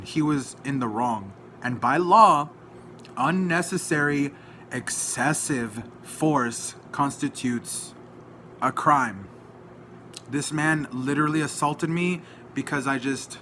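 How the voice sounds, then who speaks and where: A man from Dallas, Texas, rants straight to camera in an agitated, indignant tone. His voice is sharp and forceful, with a pressed, tense edge. A faint noise sits underneath. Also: mid-range voice. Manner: agitated, indignant, retelling a dispute. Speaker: vlogger. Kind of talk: heated personal rant to camera.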